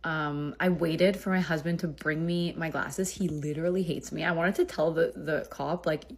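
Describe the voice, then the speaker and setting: Young woman, low-ish voice, chatty get-ready storyteller. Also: moderate pace. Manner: chatty, swearing, animated retelling. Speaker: storyteller getting ready on camera.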